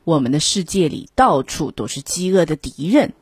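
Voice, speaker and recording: A woman voicing a wise old male toad grandfather in a storybook reading, speaking calmly and firmly. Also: sits low, normal speed, slightly rough, no room sound, voice pushed down, full character voice.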